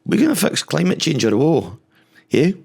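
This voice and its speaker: A man's voice: fairly high pitch, very animated, normal speed, vocal fry, a little mellow, slightly rough, voice pushed up, exaggerated voice. A man putting on a blunt, sweary Glaswegian man, lecturing about the climate. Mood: hectoring.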